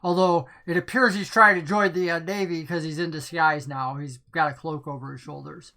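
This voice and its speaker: A woman's voice: low voice, steady tone, brisk, bright, forceful tone. A woman narrating as game master in a casual tabletop role-play session, laughing often and briefly voicing other characters.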